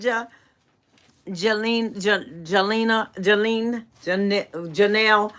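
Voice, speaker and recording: A middle-aged woman hosts her channel's casual live stream, rambling affectionately with viewers, calling them baby and offering faith-based encouragement. Her voice is mid-range and a little slow.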